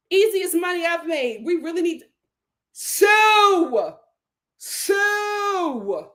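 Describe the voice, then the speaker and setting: Animated woman with a lively high voice. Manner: animated, laughs often, loud outbursts. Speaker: livestream host reading super chats. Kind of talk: casual livestream chat.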